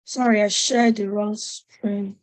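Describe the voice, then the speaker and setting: A woman's voice: medium pitch, steady tone, takes it slowly, darkish tone. A woman in her forties presenting an online webinar over a video call, chatty and a little flustered and apologetic.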